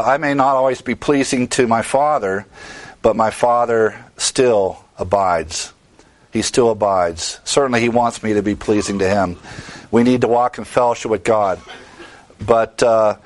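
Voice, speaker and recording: A man's voice: mid-range voice, no echo. A man teaching the Bible in a sermon style, earnest and emphatic, stressing key words.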